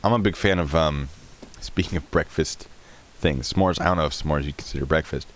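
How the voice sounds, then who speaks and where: A man's voice: very deep voice, brisk. A man in his thirties hosting a live stream, chatting casually and rambling while answering chat questions.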